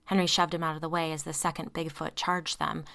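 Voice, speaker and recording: A woman narrating a story aloud, reading tense dialogue in hushed whispers. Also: low voice, little pitch movement, fairly quick. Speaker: audiobook narrator. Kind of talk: scripted narration.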